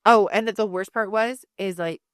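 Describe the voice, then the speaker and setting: A woman's voice: mid-range voice, steady tone, moderate pace, clear, resonant tone, no echo, studio quality. A woman in her thirties co-hosting a podcast, rambling casually, swearing freely and laughing often. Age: 30s. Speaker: podcast co-host. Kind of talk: casual chat.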